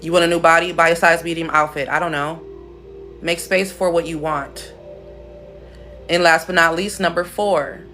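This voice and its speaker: A woman's voice: fairly low pitch, steady tone, moderate pace, pauses often, pushed and bright. A woman hosts a casual spiritual livestream. She teaches bluntly and playfully and swears freely. Faint music plays behind her. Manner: blunt, profane, playful, laughs often.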